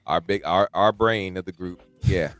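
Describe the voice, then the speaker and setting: Deep-voiced, earnest man. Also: fairly bright tone, no echo, faint music behind. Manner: earnest, halting, many restarts. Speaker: podcast co-host. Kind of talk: casual chat.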